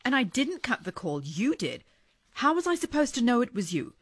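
A woman's voice: a little high, big pitch swings, normal speed, fairly bright tone, slightly rough, no room sound, full character voice. An actress playing a fed-up ex-wife who stands up to her abusive former husband, defiant and cutting.

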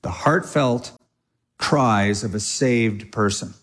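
A middle-aged man preaching a sermon to a congregation in a casual, animated way, now and then acting out other people's prayers. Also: lowish voice, slow. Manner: animated, conversational preaching with mock quoted prayers. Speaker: pastor. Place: church sanctuary before a congregation.

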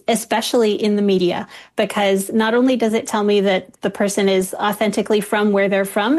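A woman linguist guest on a radio show, explaining accents in a clear, lecture-like way. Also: mid-range voice. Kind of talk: expert interview.

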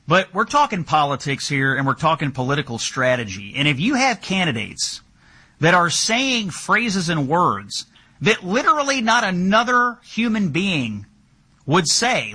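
Bright, husky sardonic male host. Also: on the high side. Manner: sardonic, punchy. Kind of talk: political talk show hosting.

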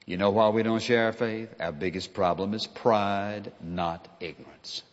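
Male preacher, emphatic sermon delivery, mid pitch, echoing hall, dull lo-fi sound. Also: fairly even intonation, unhurried. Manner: earnest, emphatic preaching with repeated phrases.

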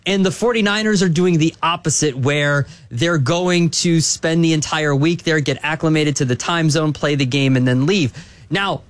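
A man's voice: on the high side, normal speed, dry recording. A man hosting a sports radio show, talking at length in a casual, hedging way. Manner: rambling, hedging with restarts.

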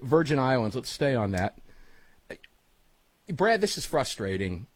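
A middle-aged man hosting a talk radio show, with brash, rapid-fire promotional patter. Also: medium pitch, big pitch swings, breathy edge.

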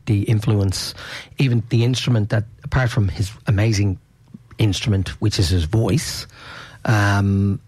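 A man's voice: on the low side, a little mellow, dry recording. A man hosting a casual radio chat, enthusiastic and rambling, with many fillers. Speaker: radio host.

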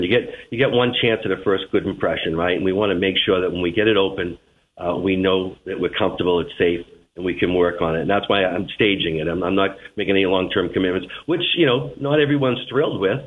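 A man's voice: sits low, slight background noise. A man with a Boston accent, a transit general manager, answering interview questions with fillers and restarts. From Boston, United States. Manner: measured, with verbal fillers and restarts. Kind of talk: radio interview. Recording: tinny phone line.

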